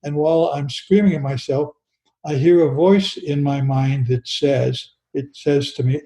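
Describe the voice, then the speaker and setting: An older man recounts a personal story with slow, earnest pacing, often circling back and restarting his words. His voice is mellow, sits a touch high for a man, and carries an echo from the room around him. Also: steady tone. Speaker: guest.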